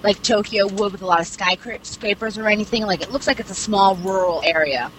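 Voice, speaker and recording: A woman's voice: medium pitch, brisk, rough recording. A young woman casually retelling a story with lots of fillers and asides, swearing freely. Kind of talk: casual chat, retelling a series plot. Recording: clear background noise.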